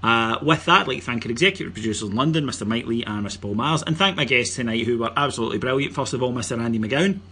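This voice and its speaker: A man's voice: medium pitch, animated, rapid-fire, hardly any pauses, sharp tone, husky. A Scottish man hosting a casual football podcast, joking and teasing his guests while plugging the show. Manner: jokey, teasing, plugs the show. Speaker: podcast host.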